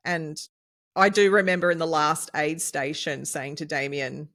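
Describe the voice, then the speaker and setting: A woman, co-hosting a casual podcast chat and rambling excitably, with lots of fillers and laughs. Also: low voice, unhurried. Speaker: podcast co-host, nutritionist.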